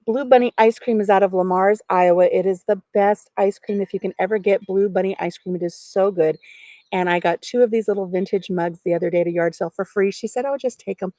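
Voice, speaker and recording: A woman's voice: mid-range voice, fairly even intonation, a little fast, mellow, no room sound. A middle-aged woman chatting casually on a live stream from outdoors on her farm porch, giggling and talking to viewers by name.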